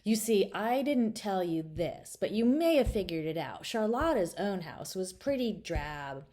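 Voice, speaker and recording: A woman's voice: mid-range voice, very animated, a little slow, a little mellow. A woman reading her own children's story aloud, playfully speaking straight to the listener and dropping to whispers.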